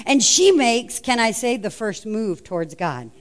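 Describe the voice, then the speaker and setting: A woman with a somewhat high voice preaches a sermon. She tells the story with animated energy, dropping into the voices of the people she quotes. The style is expressive and earnest. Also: moderate pace, few pauses.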